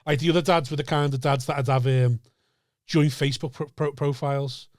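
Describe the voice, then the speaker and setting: A man, co-hosting a podcast and telling a story in casual chat, animated, sweary and full of repeated words. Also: medium pitch, fairly quick, no echo, clean studio sound. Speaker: podcast co-host.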